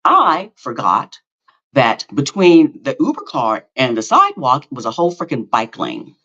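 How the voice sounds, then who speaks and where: A man's voice: medium pitch, wildly swooping pitch, a little slow, pushed and bright. A middle-aged man hosting a podcast, telling a story in a casual monologue with lots of fillers, restarts and self-mocking asides. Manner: rambling, with many fillers and self-corrections. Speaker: podcast host. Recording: slightly dull lo-fi audio.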